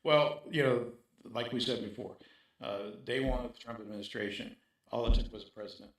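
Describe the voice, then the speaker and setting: A man talks as an interview guest, pressing his points and tagging them with "right?". His voice sits at an ordinary middle pitch. The recording is very echoey, as if made in a bare room. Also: steady tone, a little fast. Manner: emphatic, repeats points with "right?". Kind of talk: casual interview talk.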